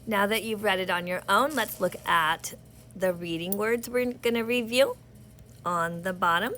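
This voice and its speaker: A woman teaching an early reading lesson, slowly sounding out words for young children. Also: mid-range voice, a bit bright, slight background noise. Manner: slow, patient, sounding out words, speaks to kids.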